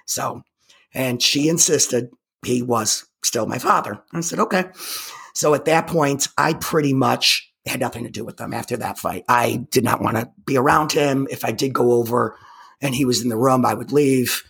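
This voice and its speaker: A woman's voice: extremely low pitch, gravelly, a bit bright, breathy edge. A woman telling a personal story as an interview guest, emphatic and intense, often stopping to restart her words. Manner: halting, with frequent repeated restarts.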